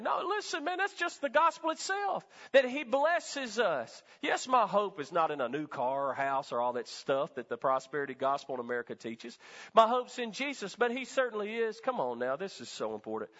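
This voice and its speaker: A male pastor with a very high, fairly bright voice preaches a sermon in a church sanctuary using emphatic call-and-response. The hall is reverberant, and the sound is dull and lo-fi.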